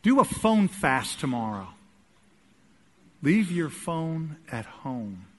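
A male pastor preaching a sermon in a church, swinging between loud urging and quiet asides. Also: on the high side, big pitch swings, slow pace, a little hiss or hum. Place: church sanctuary. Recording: echoey hall.

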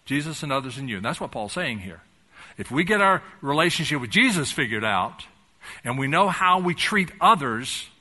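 An older man, a pastor, preaches a sermon in a voice on the high side, posing rhetorical questions and swinging between loud and soft.

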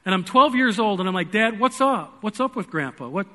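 A man preaching a sermon in a church, telling a personal story earnestly, swinging between loud pleading and hushed, quiet moments. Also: sits high, animated, fairly quick.

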